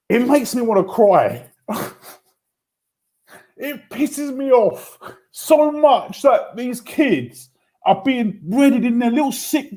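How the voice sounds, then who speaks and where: A man, telling a story in a casual discussion, growing animated and heated. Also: high-pitched. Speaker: panel guest.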